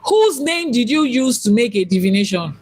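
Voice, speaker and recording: A woman with a somewhat high, husky voice gives a teaching talk on faith. She works through rhetorical questions and repeats her points for emphasis. Her tone turns playful when she mimics how other people talk. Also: big pitch swings, moderate pace, a little mellow, low-quality recording. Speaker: Ifá priestess and teacher.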